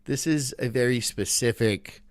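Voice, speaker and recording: A man hosting a live stream, reacting to clips in an animated way and swearing often. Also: medium pitch, a little slow, no echo, clean studio sound. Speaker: streamer host.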